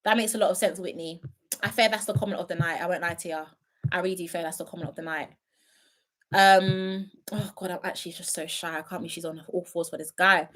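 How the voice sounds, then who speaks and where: A woman's voice: lowish voice, steady tone, fast, fairly bright tone. A young woman casually chatting on a live stream, reading viewer comments with playful asides, frequent laughs and trailing ums. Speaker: reality show commentator.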